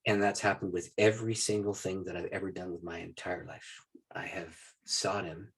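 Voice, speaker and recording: A man from Maine, a guest speaker on prayer, telling personal stories in a podcast interview. He tells them animatedly and drops to a hushed voice for solemn moments. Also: low voice, level tone, normal speed, breathy edge.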